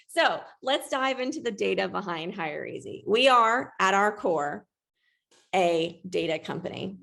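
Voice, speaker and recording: A woman's voice: mid-range voice, vocal fry. A woman presenting a webinar in a chatty, self-deprecating way, with a ready laugh.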